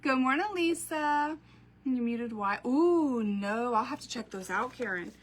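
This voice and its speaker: A woman's voice: fairly high pitch, expressive, unhurried. A woman, hosting a craft live stream from home, chatting to viewers, telling stories and laughing often. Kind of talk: casual live-stream chat.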